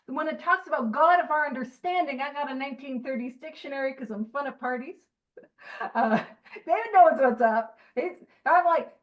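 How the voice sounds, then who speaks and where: A woman giving a lively talk to a study group. She jokes, laughs often, and turns earnest and emphatic when she makes her point. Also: sits high, lo-fi sound. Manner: joking, animated, laughs often. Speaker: speaker at a recovery book study.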